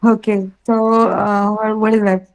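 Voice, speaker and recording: A woman's voice: mid-range voice, little pitch movement, slow, vocal fry, rough recording. A woman student practicing sentences in an online class, hesitant and correcting herself.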